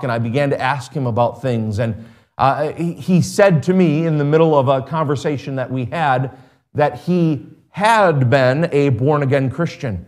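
A middle-aged man preaching a sermon in a conversational way, with sarcastic asides and emphatic rises. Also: mid-range voice.

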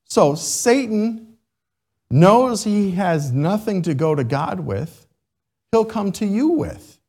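Animated male pastor preaching slowly. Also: sits high, breathy edge. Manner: animated, repeats "right?" to the congregation. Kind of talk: sermon.

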